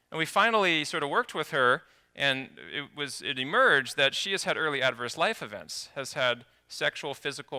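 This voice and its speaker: A man giving a conference talk, telling patient stories in an animated way with a few restarts. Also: mid-range voice. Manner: storytelling, animated with some restarts. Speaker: conference speaker. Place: conference hall.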